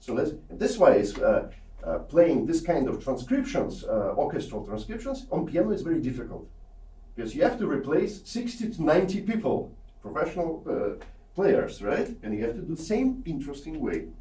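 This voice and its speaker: Lively male piano teacher, echoey room. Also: fairly high pitch, moderate pace. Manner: sings rhythms aloud and keeps asking "yeah?". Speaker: piano teacher giving a masterclass. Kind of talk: masterclass coaching. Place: small room with a large piano. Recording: echoey room, heard from far off.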